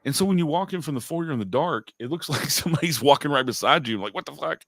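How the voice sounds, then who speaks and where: A man's voice: on the high side, expressive, quick pace, a bit bright, no room sound. A man co-hosting a podcast in casual chat, swearing often and laughing as he tells his stories. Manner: profane, laughs often while telling stories. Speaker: podcast co-host.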